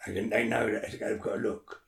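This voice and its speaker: A man's voice: lowish voice, little pitch movement, moderate pace, creaky, roomy sound. A man talking as an interview guest in casual chat, blunt and swearing a lot, often checking that the listener follows.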